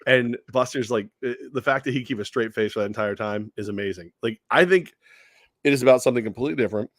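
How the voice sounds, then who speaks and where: An animated man co-hosting a sports talk show, laughing easily and circling back over his words as he argues a point. His voice sits at an ordinary middle pitch. The sound is dry and close, with no room around it. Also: fast, dry recording. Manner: animated, laughing, repeats himself. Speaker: sports radio co-host.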